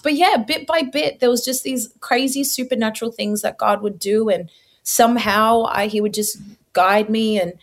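A woman's voice: a little high, moderate pace. A young woman from Australia tells her personal story as an interview guest. She talks earnestly and vividly, slipping into her own past thoughts as she goes.

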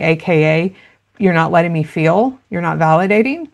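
A woman's voice: fairly low pitch, lively intonation, moderate pace, gravelly. A woman guest in a conversational interview, explaining parenting in an earnest, practical way and acting out little quoted exchanges.

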